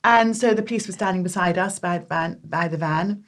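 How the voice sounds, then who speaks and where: A woman's voice: fairly low pitch, normal speed. An English woman, a makeup artist guest, telling a long anecdote in conversation and acting out the voices of the people in it. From England. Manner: lively storyteller who acts out quoted voices.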